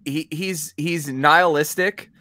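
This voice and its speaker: A woman's voice: sits low, steady tone, takes it slowly, fairly bright tone, no room sound, studio quality. A woman co-hosting a casual chat, hesitant, with many fillers and restarts. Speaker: podcast co-host.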